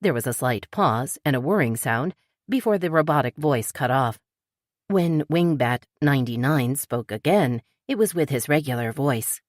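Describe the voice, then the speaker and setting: Low-voiced woman audiobook narrator. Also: moderate pace, no room sound, studio quality. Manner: lively character reading. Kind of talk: scripted narration.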